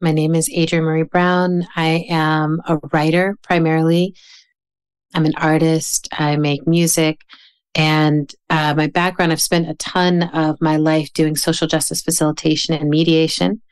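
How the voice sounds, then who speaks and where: A woman from the American South, a writer speaking as a podcast guest in a thoughtful, measured way. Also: low-pitched, flat delivery, clean tone. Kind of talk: reflective podcast conversation.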